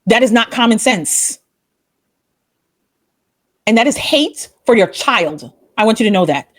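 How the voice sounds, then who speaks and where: Woman, channel host, higher pitch, fervent scolding sermon-like rant. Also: animated, measured pace. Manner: preachy, scolding, rhetorical questions; swings between raised outbursts and low, quiet rebukes. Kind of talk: impassioned opinion monologue.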